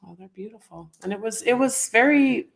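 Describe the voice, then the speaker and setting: A woman's voice: a little high, animated, fairly quick, gravelly. A middle-aged woman co-hosting a livestream, chatting casually and reading out viewer comments. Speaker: co-host of a livestream show. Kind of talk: casual chat.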